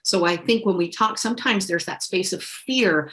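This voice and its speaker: A mother telling a personal story in a conversation, animated and expressive. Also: medium pitch, moderate pace, low-quality recording. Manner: animated storyteller, acts out voices in quotes. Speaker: podcast guest.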